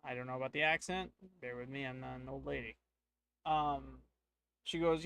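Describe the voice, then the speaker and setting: A man's voice: mid-range voice, steady tone, moderate pace, gravelly, a bit bright, smooth. A man narrating a solo tabletop game, thinking aloud with hesitations and filler words.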